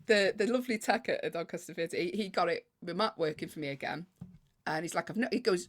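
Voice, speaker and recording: A woman comedian, telling a lively anecdote in casual podcast chat. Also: fairly low pitch, fast talker. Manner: lively anecdote-telling, acts out other people.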